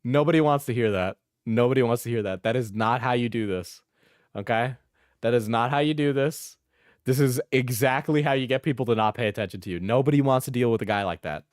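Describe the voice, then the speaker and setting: A man talking bluntly on a live stream, swearing freely and hammering the same point again and again. His voice sits at an ordinary pitch. It sounds dry and close, with no room behind it. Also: brisk, darkish tone, no room sound. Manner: blunt, profane, repetitive. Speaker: streamer reacting to a clip. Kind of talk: casual reaction commentary.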